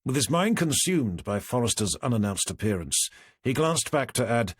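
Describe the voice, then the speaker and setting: A male narrator reading a crime novel aloud in a measured, dramatic way. His pitch moves expressively and his voice has a husky texture. The sound is dry and close. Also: big pitch swings, dry recording. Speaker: audiobook narrator. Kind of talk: scripted narration.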